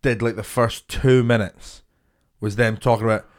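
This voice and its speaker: A man's voice: fairly low pitch, steady tone, normal speed. A young man, a comedian co-hosting a podcast, telling sweary stories in casual chat and laughing often.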